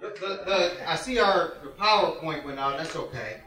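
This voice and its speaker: Male preacher, high and bright, animated storyteller, distant echoey church hall. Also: normal speed. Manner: animated storytelling, acts out voices, laughs often. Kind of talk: sermon with a personal story. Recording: roomy hall heard from afar.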